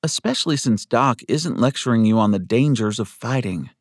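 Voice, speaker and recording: A man voicing a feisty, sharp-tongued young woman schoolteacher in an audiobook. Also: medium pitch, lively intonation, normal speed, dry recording, clean studio sound. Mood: tart. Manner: clipped, scolding.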